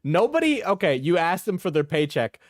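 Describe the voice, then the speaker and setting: A man talking bluntly on a live stream, swearing freely and hammering the same point again and again. His voice sits at an ordinary pitch. It sounds dry and close, with no room behind it. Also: big pitch swings, a little fast, no echo. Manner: blunt, profane, repetitive. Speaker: streamer reacting to a clip. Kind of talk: casual reaction commentary.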